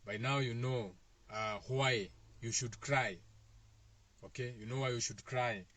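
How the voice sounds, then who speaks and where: Kenyan male host, mid-pitched voice, loose rambling wellness talk, repeats himself often. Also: steady tone, a little slow, pushed and bright. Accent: Kenyan, Kikuyu-speaking. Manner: loose, repetitive, meandering speaking with fillers. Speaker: host of a self-help talk. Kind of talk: casual spiritual talk to viewers.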